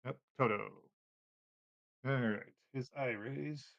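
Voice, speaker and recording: A man narrating as game master of a tabletop game, relaxed, with many fillers. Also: mid-range voice, slow pace, gravelly, dry recording, highs cut off.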